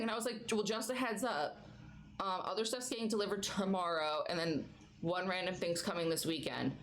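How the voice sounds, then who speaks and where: A woman's voice: on the low side, a bit bright, a little hiss or hum. A young adult woman streamer chatting casually and laughing often between stories. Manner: chatty, giggly, baby-talks her pets. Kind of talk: casual chat.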